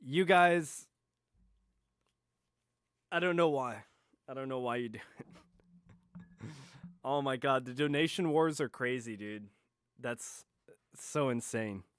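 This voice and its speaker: A man's voice: medium pitch, takes it slowly, long pauses, clear, resonant tone, no echo. A tired man chatting and swearing casually while live streaming late at night. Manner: profane, exasperated, rambling.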